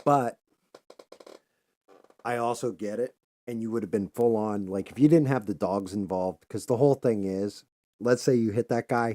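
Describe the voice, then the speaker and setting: A man's voice: lowish voice, dark tone, dry recording, studio quality. A man hosting a casual chat, laid-back and candid, swearing freely. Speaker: host.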